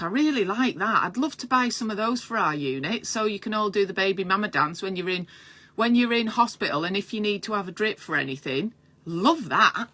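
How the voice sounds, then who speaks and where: A woman, a midwife, chatting live to camera in a small room, excitable and self-mocking, moving about near the mic. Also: medium pitch. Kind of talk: casual live chat to camera.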